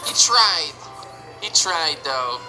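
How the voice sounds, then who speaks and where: Expressive woman reacting over loud music. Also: deep voice, takes it slowly, rough recording. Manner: emotional, narrates along with exclamations. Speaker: reaction video host. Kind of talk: reacting to animated shorts.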